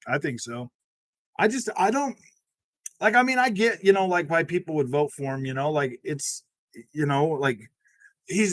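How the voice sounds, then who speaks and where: A young man hosts a gaming channel livestream, chatting and rambling casually into a close desk mic. His fairly high, slightly bright voice is peppered with "man," "dude," and frequent laughs, and the recording has no echo.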